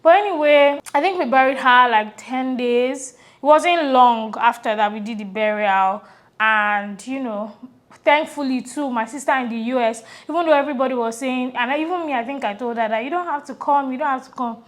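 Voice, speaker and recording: Nigerian woman on a podcast, chatty but reflective, kinda high voice, softens at the ends of lines. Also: normal speed. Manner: reflective, earnest, trails off softly. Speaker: podcast co-host. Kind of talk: casual conversational storytelling.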